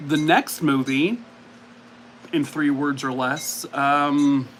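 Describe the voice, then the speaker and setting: Slow, chatty man on a livestream. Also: fairly high pitch, steady tone, a bit bright, slight background noise. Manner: chatty, self-mocking, reacts to viewer comments. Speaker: livestream host. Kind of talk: casual livestream chat.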